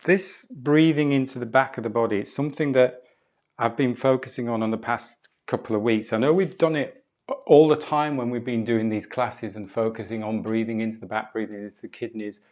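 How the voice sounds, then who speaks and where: Calm man guiding a breathwork class. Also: medium pitch. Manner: calm, guiding cues with drawn-out repetitions. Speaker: qigong and breathwork instructor. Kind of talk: live online movement class instruction. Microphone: video call.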